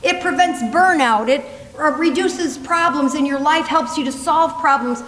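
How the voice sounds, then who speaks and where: Older lady, high voice, animated funny speech, laughing a lot, big echoey hall. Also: moderate pace. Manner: animated, laughing while telling stories. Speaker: motivational speaker. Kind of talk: humorous storytelling speech. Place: conference hall. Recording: echoey hall with faint room noise.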